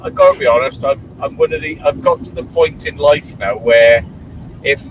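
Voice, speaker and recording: A man in a moving car talks bluntly and swears freely as he tells stories. He sits well back from the microphone. Clear road noise runs under his voice. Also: mid-range voice, moderate pace, highs cut off. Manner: blunt, swearing, animated storytelling. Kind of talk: casual chat while driving. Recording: distant voice with clear background noise.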